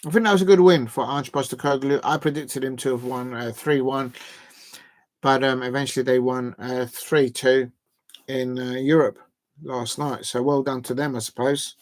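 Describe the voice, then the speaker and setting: A man's voice: medium pitch, steady tone, moderate pace, no echo. A man hosting a live football transfer show, chatty and hesitant, with lots of fillers as he reads out quotes.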